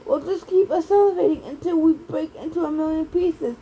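A woman's voice: very high-pitched, fairly quick, mellow, a little hiss or hum, pitched above the performer's own voice. A woman reading an audiobook aloud, voicing an urgent, bossy teenage girl. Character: anxious, urgent teen girl. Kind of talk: audiobook character voices.

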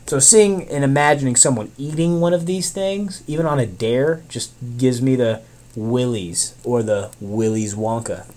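A young man co-hosting a casual podcast, telling stories in an animated, profane, rambling way with big exaggerated groans. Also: medium pitch. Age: young adult. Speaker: podcast co-host. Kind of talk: casual chat.

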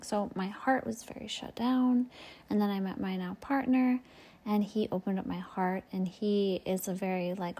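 A woman speaking candidly and openly about her own intimate experiences, in a soft, confessional monologue with frequent fillers. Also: medium pitch. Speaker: relationship speaker.

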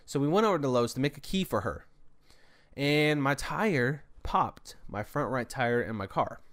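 Solo podcast host, young man, tired and long-winded, talks in run-on stretches without pausing for breath, mid-range voice. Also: medium pitch, animated, fairly bright tone. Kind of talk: casual solo storytelling.

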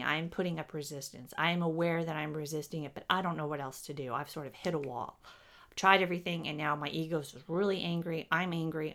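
A woman channeling spiritual teaching, speaking as a collective "we" in a measured, explanatory way. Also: sits low, a bit bright.

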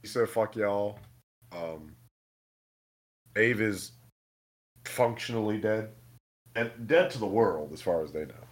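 A man co-hosting a podcast in casual chat, profane and animated, acting out scenes with laughter. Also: lowish voice, slow, pauses often, breathy edge. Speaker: podcast co-host.

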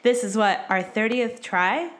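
A woman's voice: fairly high pitch, unhurried, fairly bright tone. Blunt joking woman podcast co-host. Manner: blunt, joking, swears casually. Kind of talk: casual chat.

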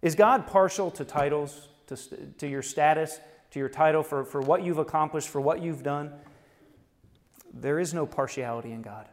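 A man's voice: on the high side, normal speed. A man preaching a sermon, talking conversationally with many rhetorical questions and short laughs. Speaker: pastor. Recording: long hall reverb.

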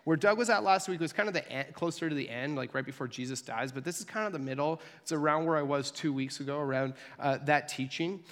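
A man's voice: on the high side, quick pace, hardly any pauses, fairly bright tone. Chatty young man preaching in a hall. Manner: chatty and joking, acts out little voices in stories. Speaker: pastor. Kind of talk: casual conversational sermon. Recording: long echo of a large hall.

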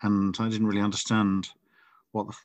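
Middle-aged man, author being interviewed, low-leaning voice, reflective and meandering. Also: level tone, moderate pace, no room sound. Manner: thoughtful, rambling with frequent restarts. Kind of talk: casual interview chat.

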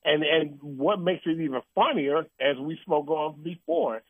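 A man's voice: a little high, unhurried, breathy edge, no echo. A man hosting an uncensored call-in talk show, ranting bluntly and heatedly. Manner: blunt, heated ranting with mocking put-on quotes. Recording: phone-line sound.

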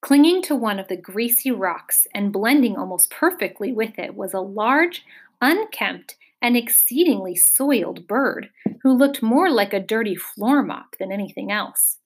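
A woman reading a children's fantasy novel aloud in a measured, expressive storytelling voice. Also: a little high, breathy edge. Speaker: audiobook narrator. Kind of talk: scripted narration.

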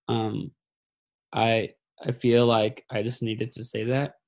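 A man sharing a personal story in a halting, somber way. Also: mid-range voice, little pitch movement, darkish tone. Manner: halting, full of fillers and restarts; somber, grieving.

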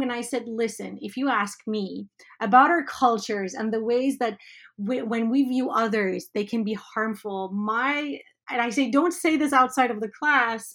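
A woman teacher speaking in an animated, emphatic way in a conversational interview. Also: on the high side. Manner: animated, emphatic, quick asides with laughs. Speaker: teacher educator guest.

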